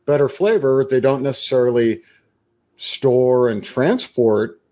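A man as a podcast guest, explaining his approach in a measured, conversational way. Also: mid-range voice, expressive, highs cut off.

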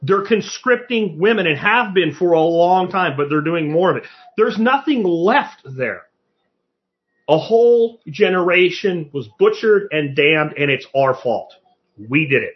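A man hosting a podcast, delivering a blunt, profane and sarcastic political monologue full of rapid rhetorical questions. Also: sits high, big pitch swings, highs cut off. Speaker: podcast host.

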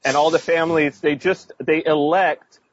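Brief: casual, rambling male storyteller, husky tone, dull lo-fi audio. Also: fairly high pitch, fairly even intonation, moderate pace. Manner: rambling, many restarts and fillers, laughs while telling stories. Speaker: expat guest telling stories. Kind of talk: casual podcast chat.

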